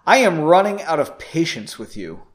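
A man's voice: a little high, big pitch swings, normal speed. A man voicing an arrogant, hostile male mage who sneers and threatens. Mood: sneering.

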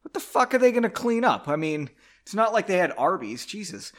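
Very animated and a bit bright, a man's high-pitched voice moves a little fast as he hosts a podcast. He reads his own novel out loud while drinking, cutting in with profane, sarcastic, self-deprecating remarks in a comedic reading.

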